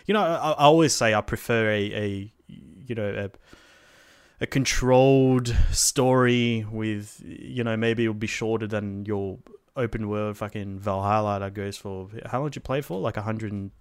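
A relaxed man chatting about games, his voice sitting fairly low. He rambles, restarts and drops casual swears. The sound is dry and close, with no room around it. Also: a little slow, smooth, no echo. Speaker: podcast co-host.

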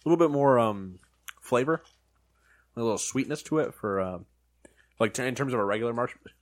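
A man's voice: mid-range voice, expressive, fairly quick. A man hosting a casual snack-tasting chat, laid-back and joking. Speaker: host.

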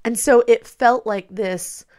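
A woman's voice: on the high side, slow, a little mellow. A woman co-hosting a podcast, discussing a film in a thoughtful, agreeable way and laughing along. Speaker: podcast co-host.

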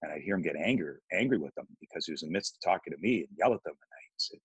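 A middle-aged man, a father, telling his story in an interview in an earnest, pleading way, with pauses. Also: low-pitched, animated, husky, no room sound, poor audio. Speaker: father, foundation founder, guest. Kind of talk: interview answers, personal story.

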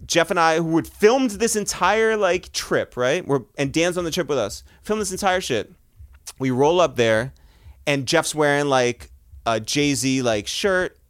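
A man's voice: a little high, expressive, a little slow, clean tone, dry recording, clean studio sound. A young adult man hosting a casual chat, telling a story animatedly and quoting what others said. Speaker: podcast host.

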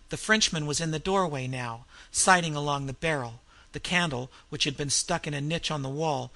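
A man narrating a dark adventure story with expressive reading. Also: fairly high pitch.

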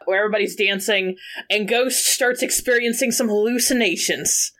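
A woman co-hosting a casual podcast, recapping a holiday movie plot in a lively storytelling way. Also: mid-range voice, moderate pace. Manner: animated storytelling, acting out quoted lines. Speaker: podcast co-host.

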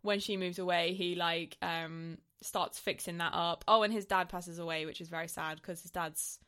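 A woman's voice: on the low side, normal speed, clean tone. Bubbly woman, casual chat. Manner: bubbly and animated, laughs easily and often. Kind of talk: casual chat recapping a film.

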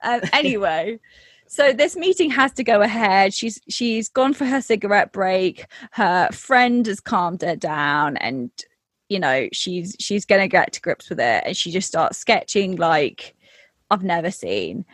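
A woman's voice: medium pitch, animated, unhurried, a bit bright, no echo. A woman in casual chat telling a workplace story, with lots of fillers and acted-out quotes. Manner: chatty, many fillers, acts out quotes.

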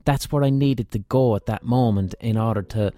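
A man's voice: mid-range voice, normal speed, warm tone. An Irish man hosting a podcast, telling a rambling, profane, self-mocking story in a casual monologue. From Ireland. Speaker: podcast host.

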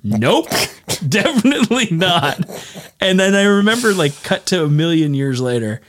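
A man's voice: a little high, lively intonation, normal speed, a little hiss or hum. A young man from Canada co-hosting a podcast, telling rambling stories in casual chat with plenty of swearing. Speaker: podcast co-host.

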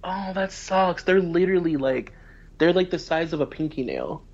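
A woman's voice: on the low side, normal speed, darkish tone, muffled recording. A young woman co-hosting a podcast, talking animatedly about a TV show and laughing readily. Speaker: podcast co-host. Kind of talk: casual chat recapping a TV show.

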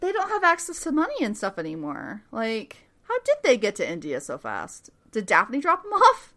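A woman's voice: fairly high pitch, huge pitch swings, normal speed, bright, forceful tone. A woman co-hosting a podcast, chatting in a playful, wry way. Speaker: podcast co-host. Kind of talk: casual chat.

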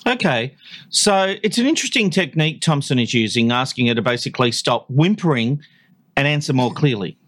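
A man's voice: mid-range voice, lively intonation, fairly quick, a bit bright. A man co-hosting a podcast, narrating and joking in a playful, chatty way. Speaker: podcast co-host. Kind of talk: casual analytical chat.

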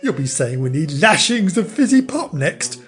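Man putting on a high-pitched older woman, flustered, sarcastic, swooping voice. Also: big pitch swings, normal speed, breathy edge, soft background music, exaggerated voice. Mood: teasing. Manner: high strained falsetto, wry complaints.

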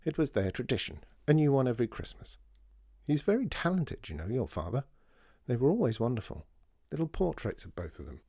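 Man voicing a stern older woman, reproachful, lively, dry close mic. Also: mid-range voice, a little fast, vocal fry, husky, no room sound, voice pushed up, full character voice. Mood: gentle. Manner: reproachful, then gentle.

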